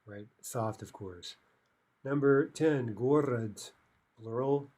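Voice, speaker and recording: A man's voice: mid-range voice, unhurried, warm tone. A man teaching a recorded language lesson, explaining step by step and checking in with "right?" and "okay" as he goes.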